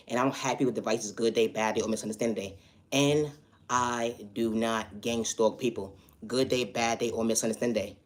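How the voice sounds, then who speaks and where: A man delivering an earnest spiritual motivational monologue, repeating affirmations and now and then breaking into loud, high shouted refrains. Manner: repetitive affirmations, earnest and emphatic. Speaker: spiritual vlogger.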